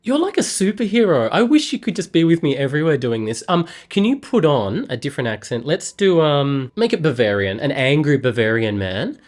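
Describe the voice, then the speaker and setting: A man's voice: a little high, very animated, a little fast, few pauses. An Australian man vlogging, chatting playfully with an AI in a rambling way that often trails off. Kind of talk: casual chat with an AI.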